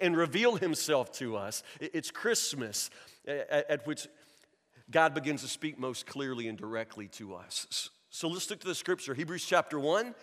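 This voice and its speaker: A man's voice: fairly high pitch, a bit bright. A man preaching a sermon as pastor, folksy and storytelling, with frequent stammered restarts. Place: church sanctuary. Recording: long church reverb.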